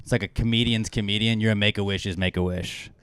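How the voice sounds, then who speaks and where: A man hosting a casual podcast, cursing freely and getting loud as he acts out insults. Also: fairly low pitch, quick pace, clear, resonant tone, dry recording. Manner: profane, animated, swings loud when acting out insults. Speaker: podcast host.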